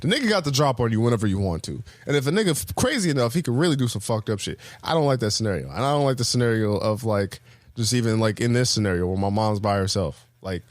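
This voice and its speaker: A man's voice: fast talker, dry recording. A man co-hosting a podcast, telling a story in a casual, profane way, full of fillers and restarts, now and then mimicking others. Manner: animated storyteller, acts out quotes with loud high bursts. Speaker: podcast co-host.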